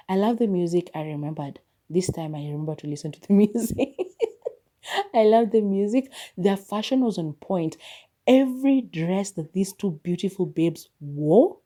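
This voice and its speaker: A woman, hosting a podcast and chatting casually through a movie review, expressive and quick to laugh. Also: fairly low pitch. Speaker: podcast host.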